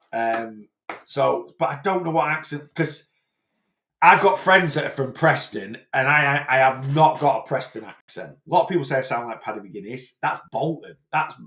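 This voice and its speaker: A man's voice: medium pitch, vocal fry, a bit bright, echoey room. A man from Blackpool with a Lancashire accent, answering viewer questions live as a weight loss coach in a chatty, rambling way full of fillers and restarts. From Blackpool, England.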